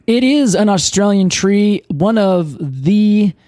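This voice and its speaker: A man's voice: high-pitched, takes it slowly, dark tone, no room sound, clean studio sound. A man co-hosting a podcast in casual chat, chatty and laughing often as he explains things at length. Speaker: podcast co-host.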